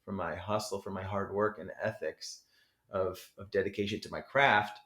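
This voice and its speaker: A man from New Jersey, a rapper guesting on a podcast, who rambles loosely, swears freely and leans on "you know" every few words. His voice sits on the low side. The recording carries a noticeable roomy echo. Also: fairly even intonation, moderate pace, fairly bright tone. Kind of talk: casual interview chat. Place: podcast studio.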